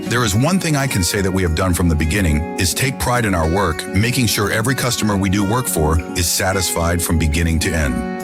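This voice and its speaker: A man with a very low voice reads his own painting company ad in a steady, plain manner. Clear music plays under him. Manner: steady, plain read with spelled-out phone numbers. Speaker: business owner reading an ad. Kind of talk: radio ad read.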